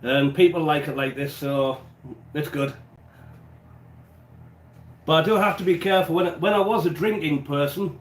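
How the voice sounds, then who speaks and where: Casting: English man, raised-pitch chatty live-stream host, stuffy nose, small echoey home kitchen. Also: moderate pace. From England. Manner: chatty, rambling, answers live chat. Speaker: cooking livestream host. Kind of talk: casual live-stream chat while baking.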